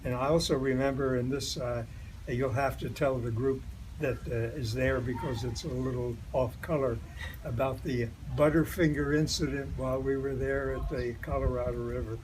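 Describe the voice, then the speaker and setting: A man's voice: medium pitch, steady tone, moderate pace, darkish tone, poor audio. Older guy, birthday msg to old buddy, lots of uhs, faint room hum. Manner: reminiscing, hesitant with uhs. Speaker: longtime friend. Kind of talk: recorded birthday greeting.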